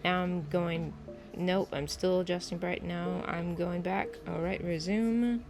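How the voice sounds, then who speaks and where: Lady talking over her game on a laptop mic, kinda low voice, unsure, game music playing. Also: fairly even intonation, a little slow. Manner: rambling, hesitant, self-deprecating. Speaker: gameplay narrator. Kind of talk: casual game narration.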